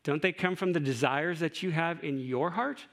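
A man's voice: fairly high pitch, moderate pace, a bit bright. A middle-aged man preaching a sermon in a conversational way, with asides and rhetorical questions. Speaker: pastor.

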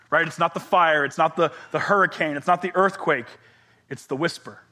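Male pastor, 30s, high and bright voice, expressive sermon delivery. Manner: expressive, drops to whispers and shouts for emphasis.

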